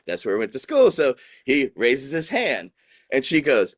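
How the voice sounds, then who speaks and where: A man from New Orleans tells a story in casual chat and lets his pitch swing widely. He slips into high voices whenever he quotes someone. His voice sounds dry and close, with no room echo. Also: sing-song, measured pace. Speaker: guest, dispensary owner.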